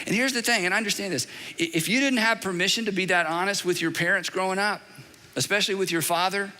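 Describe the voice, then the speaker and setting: A middle-aged man preaching a sermon from a church stage, emphatic and animated, with dramatic repetition. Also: sits high, a little fast. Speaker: pastor. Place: large church auditorium. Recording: long reverb of a large hall.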